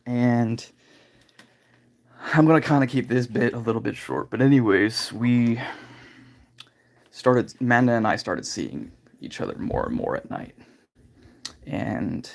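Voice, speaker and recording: Gravelly man telling a rambling story. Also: fairly low pitch, darkish tone. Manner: candid, rambling, lots of filler phrases. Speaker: livestream host. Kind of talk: casual personal storytelling.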